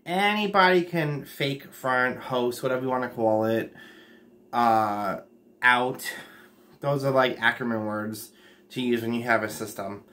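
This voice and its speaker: On a laid-back late-night livestream, a man talks bluntly and rambles, cursing freely. His pitch and volume suddenly jump upward.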